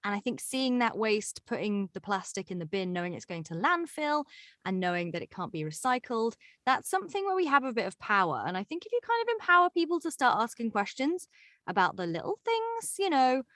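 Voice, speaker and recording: A woman's voice: a little high, big pitch swings, a little fast, fairly bright tone, no echo, studio quality. A bubbly, chatty woman with an English accent from England, a guest on a podcast talking casually. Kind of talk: casual interview chat. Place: home in East London.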